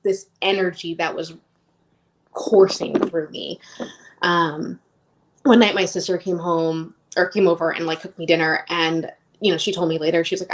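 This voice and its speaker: A woman's voice: lowish voice, fairly even intonation, normal speed. A woman in her thirties telling her personal story as an interview guest, rambling and emotionally open with lots of "like".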